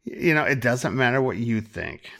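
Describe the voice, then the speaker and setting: A man's voice: medium pitch, expressive, normal speed, creaky, fairly bright tone. A man from Minnesota, a photographer, talking as a podcast guest with dry, self-deprecating humor. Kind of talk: casual interview chat.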